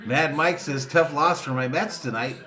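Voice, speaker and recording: A man hosting a live fan watch party, calling pitches with excitement and reading viewer comments aloud between plays. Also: moderate pace. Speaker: sports fan streamer and watch-party host.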